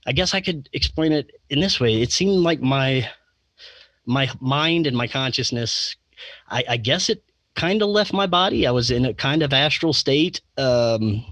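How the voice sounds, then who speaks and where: A man's voice: mid-range voice, a bit bright, no room sound. A man telling a long personal story as a podcast guest, rambling with many fillers, restarts and chuckles. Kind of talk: casual interview storytelling.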